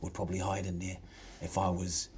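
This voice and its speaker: A man's voice: low voice, completely flat delivery, darkish tone, slight background noise. Hesitant man playing a tabletop game. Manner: hesitant, halting with fillers. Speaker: player. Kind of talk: casual tabletop play.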